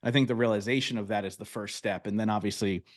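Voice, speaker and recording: Low-voiced male podcast host. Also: fairly even intonation, fast talker. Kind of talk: podcast interview.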